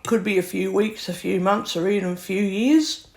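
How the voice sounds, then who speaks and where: A woman delivering a slow, emphatic rant, acting out quotes as she goes. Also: medium pitch, gravelly. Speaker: vlogger. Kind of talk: ranting monologue.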